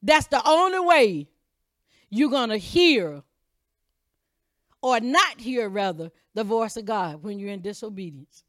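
Woman preacher, fervent sermon delivery, highish voice, dry sound. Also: expressive, unhurried, pauses often, no room sound. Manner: impassioned preaching, swings from loud calls to low asides; reads scripture aloud and comments between verses.

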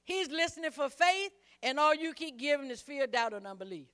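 Fairly quick and fairly bright, this high female voice belongs to a preacher giving a sermon. She drives her points home emphatically, repeats herself, and urges the congregation to echo her and respond.

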